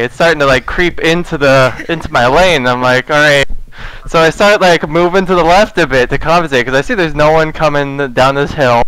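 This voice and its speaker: A man's voice: a little high, fairly quick, fairly bright tone, clear, resonant tone, low-quality recording. A man casually telling a rambling, profane story to friends, laughing through it.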